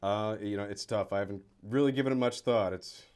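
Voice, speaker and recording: A man with a fairly low voice talks quickly, giving modest and unpolished answers as a guest musician. He hesitates often and fills gaps with "uh." The exchange is casual and unscripted. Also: a little mellow. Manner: modest, hesitant, many "uh" pauses. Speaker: blues guitarist, guest.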